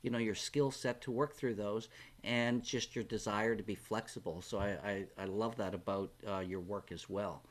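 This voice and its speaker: A man's voice: lowish voice, fairly even intonation, normal speed. A man hosting a live online interview over a video call, chatting casually and encouraging his guest with plenty of praise. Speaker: host of a live online event.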